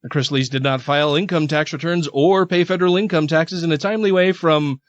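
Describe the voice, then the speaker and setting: A man co-hosts a podcast, reading news stories aloud with a wry edge. His voice sits a little high. The recording is dry and slightly dull, like home podcast gear. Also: a little fast, no room sound. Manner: reads articles aloud with wry asides. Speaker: podcast co-host.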